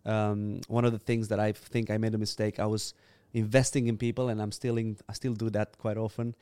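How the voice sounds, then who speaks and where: A man from Romania, a guest on a podcast interview, answering in a cheerful, reflective, halting way. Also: lowish voice, flat delivery, dark tone, clean tone, no room sound. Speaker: guest, church leader.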